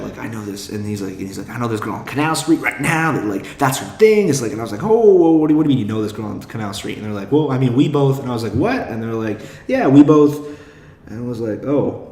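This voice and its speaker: In an echoey room, a young podcast host delivers a casual monologue that rambles, leans self-deprecating, and is packed with filler words and curses. His voice is medium-pitched with a darkish tone.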